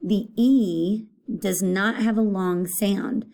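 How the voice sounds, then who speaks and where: Female elementary teacher, recorded phonics lesson for kids, slow and patient, mellow tone. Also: medium pitch, vocal fry. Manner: slow, patient, repeats words aloud to children.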